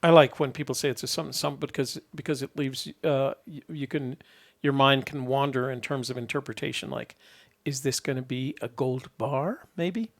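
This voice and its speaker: A man's voice: mid-range voice, brisk. A man hosting a call-in show, chatting easily with callers and rambling with lots of fillers. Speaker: host.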